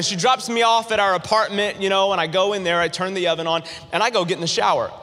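A man with a high, bright voice delivers a sermon, spinning a humorous personal story with animated energy. His words ring out with a long reverb across a large church auditorium. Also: fast, few pauses. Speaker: pastor.

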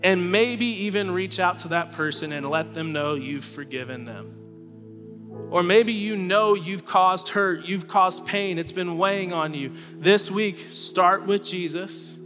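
A man preaching a sermon as pastor, earnest, letting his voice fall low and soft at the ends of phrases. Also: a little slow. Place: church auditorium stage. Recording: reverberant hall with faint music.

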